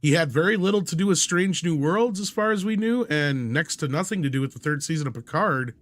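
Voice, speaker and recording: A man's voice: animated, fairly quick, fairly bright tone, no echo, studio quality. A man co-hosting a live entertainment-news stream, chatting casually with lots of fillers and trailing off at sentence ends. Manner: rambling, filler-heavy, trails off low. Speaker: livestream co-host.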